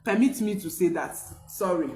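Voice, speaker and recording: A woman's voice: fairly low pitch, moderate pace, roomy sound. A woman parenting coach, giving an emphatic motivational talk with preacher-like repetition. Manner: emphatic, preacher-like repetition, rising to near-shouts.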